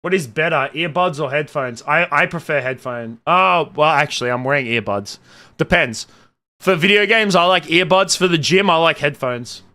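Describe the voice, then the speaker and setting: An Australian streamer, a young man, reads chat comments aloud and answers them casually, animated and opinionated, swinging from loud outbursts to muttered asides. His voice is on the high side at a moderate pace.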